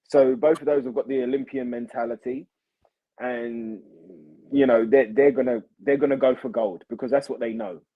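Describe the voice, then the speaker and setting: A man's voice: medium pitch, fairly even intonation, normal speed, narrow, tinny audio. A young man, chatting animatedly as a podcast guest and calling people mate and bro. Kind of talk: casual chat.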